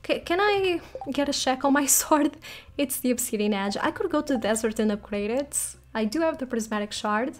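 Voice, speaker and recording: A woman's voice: high voice, animated, normal speed, slight background noise. A woman hosting a let's play, chatting and thinking aloud in a giggly, casual way as she plays. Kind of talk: casual gameplay commentary.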